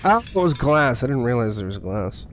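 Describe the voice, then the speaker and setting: A man's voice: mid-range voice, very animated, normal speed, a little hiss or hum. A man streaming a horror game in casual commentary, blunt and profane, often muttering to himself.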